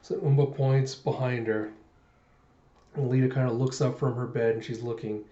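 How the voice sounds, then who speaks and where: A man giving an animated, chatty readthrough of a comic. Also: medium pitch, normal speed. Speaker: manga reader. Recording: muffled, echoey room.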